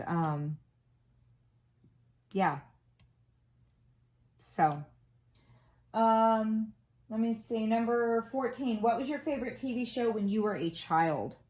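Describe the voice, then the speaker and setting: A woman in her forties chatting casually in a crafting vlog, rambling through stories with lots of ums and uhs. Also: mid-range voice. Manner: rambling storyteller with many fillers. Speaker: crafting vlogger. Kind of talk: casual chat.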